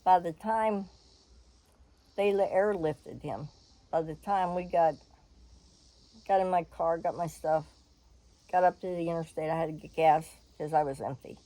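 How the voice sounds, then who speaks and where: An older woman telling a personal story in a frank, animated way, laughing and swearing freely. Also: on the low side, measured pace, pauses often, poor audio.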